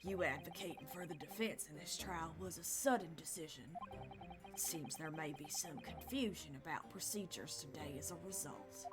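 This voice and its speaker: A woman voicing an older male professor in a deliberately lowered voice with a put-on American Southern drawl. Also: over loud music, natural voice. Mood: grave. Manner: voice pushed low in her register.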